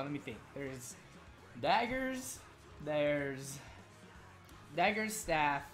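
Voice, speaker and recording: A woman casually commentating a game playthrough, rambling and swearing with many fillers. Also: a bass voice. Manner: rambling, profane, full of fillers. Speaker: gaming streamer.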